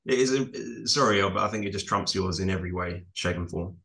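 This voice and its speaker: A man's voice: sits low, fairly quick, gravelly, pushed and bright. A man co-hosting a comedy podcast, smugly teasing a friend and boasting about the feedback. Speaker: podcast co-host. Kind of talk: casual banter among friends.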